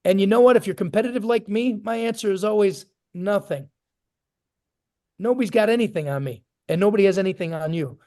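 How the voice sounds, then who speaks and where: A man with a high-pitched voice giving a motivational talk over a video call. He is emphatic and punchy, and he stacks up lists to drive his points home. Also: brisk, warm tone. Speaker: motivational speaker for a business team.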